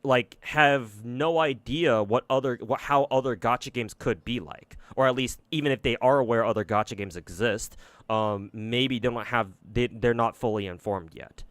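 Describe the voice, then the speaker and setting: A man's voice: medium pitch, normal speed, fairly bright tone, no room sound. A man streaming and giving casual commentary on games, rambling and swearing a lot, with many fillers and restarts. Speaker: gacha game streamer.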